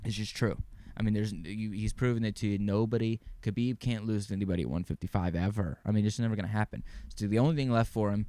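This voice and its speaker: A man's voice: lowish voice, fairly even intonation, fast, dark tone, no room sound. A young man hosting his own podcast, talking casually and rambling, with frequent swearing and easy laughs. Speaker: podcast host. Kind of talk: casual solo podcast talk.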